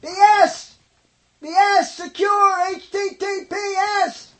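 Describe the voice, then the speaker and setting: A man putting on a shrill, nagging inner voice that yells at him. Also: flat delivery, slow pace, heavily acted. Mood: scolding. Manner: shouting, scolding.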